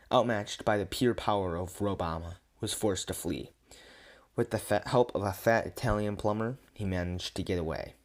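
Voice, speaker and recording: A man reading an absurd comic story aloud in a deadpan way, often stumbling and restarting words. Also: fairly low pitch.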